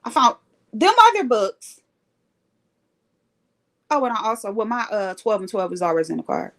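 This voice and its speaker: A woman hosting a casual live stream, telling a story in an animated, emphatic way. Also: mid-range voice, moderate pace. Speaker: livestream host sharing recovery story.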